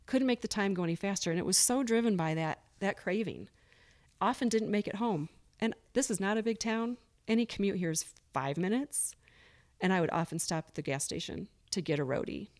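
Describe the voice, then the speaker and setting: A woman's voice: medium pitch, expressive, a little fast, a little mellow. A woman guest on a recovery podcast, speaking earnestly and openly, sometimes acting out her own past thoughts. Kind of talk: candid recovery interview.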